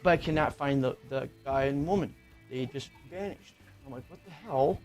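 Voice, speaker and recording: A middle-aged podcast co-host on a casual talk show tells a personal ghost story, rambling and profane with plenty of filler words. His voice is medium-pitched and darkish at a moderate pace, with faint music in the background.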